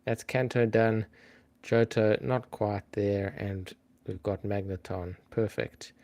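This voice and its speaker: A man hosts a live trivia stream in easy, unhurried chat. His voice sits a little low, and he talks slowly, thinking aloud and calling out to viewers by name. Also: fairly even intonation, a little mellow. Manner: chatty, thinks aloud, reads out names and greets viewers.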